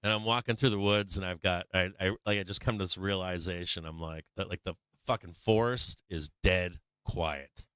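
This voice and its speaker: A man's voice: sits low, steady tone, moderate pace, hardly any pauses, bright, forceful tone, clean tone, no room sound, clean studio sound. A man hosting a live stock market stream, telling a rambling, profane story with lots of fillers between market remarks.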